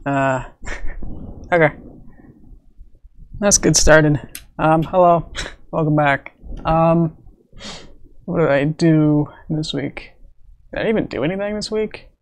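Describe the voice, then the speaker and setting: Rambling man with a slightly high voice. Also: takes it slowly, long pauses, a little hiss or hum. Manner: rambling, with frequent fillers and laughs. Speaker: streamer and animator. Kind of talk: casual livestream chat.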